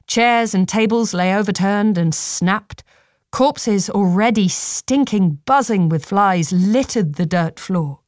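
Narrating an audiobook, a woman keeps a calm, even storytelling pace. The sound is clean and studio-grade, free of echo, and her voice is mid-range.

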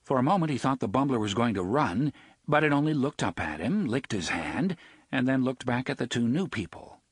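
Expressive male audiobook narrator, husky. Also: mid-range voice, brisk, no echo, clean studio sound. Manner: expressive storytelling reading. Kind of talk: scripted narration.

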